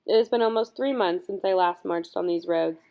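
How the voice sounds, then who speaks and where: A woman narrates a first-person audiobook in a measured, earnest reading voice. Her pitch sits a little low, and she keeps the scripted narration steady. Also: vocal fry.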